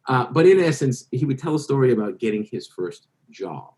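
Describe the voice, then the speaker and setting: A male interview guest with an ordinary middle-pitched voice spins long anecdotes. He wanders, restarts and corrects himself mid-sentence in a relaxed conversational way. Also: brisk, poor audio. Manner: rambling anecdotal, self-correcting. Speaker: guest author.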